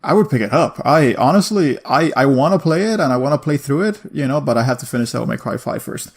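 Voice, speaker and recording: A man co-hosting a casual video game podcast, rambling with lots of fillers and quick laughs. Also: medium pitch, lively intonation. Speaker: podcast co-host. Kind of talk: casual chat about video games.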